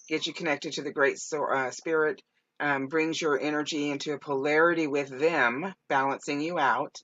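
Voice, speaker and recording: A woman's voice: sits low, highs cut off, noisy background. A woman hosting as a psychic medium, giving spiritual guidance with many fillers. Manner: warm, speaks with lots of fillers.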